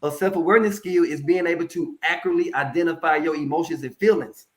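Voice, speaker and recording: A man with a somewhat high-pitched voice talks fast as a guest in a casual interview about mental health. He tells stories with animated, colloquial energy, turning to the audience now and then to drive a point home.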